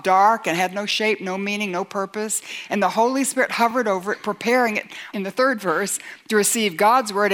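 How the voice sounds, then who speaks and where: A woman preaching a sermon in an earnest way, acting out doubters' objections and building to forceful emphasis. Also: medium pitch.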